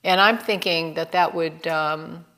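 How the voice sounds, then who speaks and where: Slow-talking woman hosting a video call. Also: sits low, steady tone, pushed and bright. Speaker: host.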